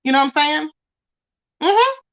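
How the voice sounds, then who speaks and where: A woman's voice: high-pitched, sing-song, a little slow, highs cut off. A woman hosting a casual live stream, chatting with viewers and reading their comments, calling them baby and child.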